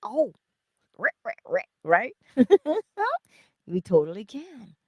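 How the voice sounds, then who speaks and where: A middle-aged woman hosting a casual spiritual livestream, chatting with viewers, telling stories and often dropping into soft whispers. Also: mid-range voice, sing-song, slow pace, breathy edge, no echo. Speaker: host of a morning livestream.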